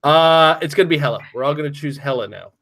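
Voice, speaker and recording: A man with a slightly high voice hosts a casual chat show. He runs the talk with playful ribbing and chuckles at his own quips. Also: fast talker, very noisy. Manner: playful teasing, laughs at his own jokes. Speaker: podcast host.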